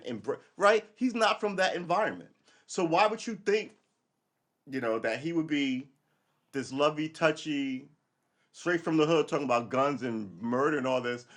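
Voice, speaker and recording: A man hosting a live podcast, rambling and opinionated, swinging from loud outbursts to low asides. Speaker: podcast host. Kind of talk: casual live commentary.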